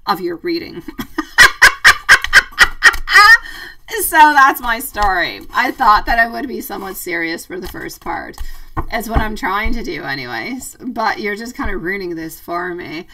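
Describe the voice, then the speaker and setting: Gushing woman tarot reader, bright voice. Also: medium pitch, lively intonation, moderate pace, distant mic, low-quality recording. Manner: gushing, affectionate, calls viewers sweetie, laughs often. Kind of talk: live-stream chat reading viewer comments.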